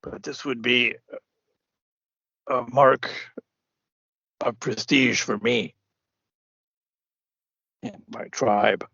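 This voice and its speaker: A man playing a proud male tribal warrior who seeks honor for his clan, speaking in earnest, measured formal speech. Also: medium pitch, vocal fry, bright, forceful tone, breathy edge, dry recording, heavily acted. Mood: proud, insistent. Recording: dull lo-fi dry recording.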